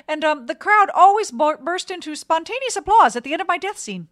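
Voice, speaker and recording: A woman's voice: very high-pitched, lively intonation, brisk, a bit bright. A woman co-hosting a podcast, bantering and teasing in casual chat. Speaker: podcast co-host.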